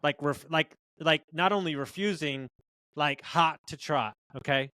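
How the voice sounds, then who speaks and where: Brief: upbeat business-owner guest, slightly high voice, spins animated stories, cusses freely, dry close sound. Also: male voice, measured pace, no echo. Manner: animated, swears, acts out dialogue in stories. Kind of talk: casual interview storytelling.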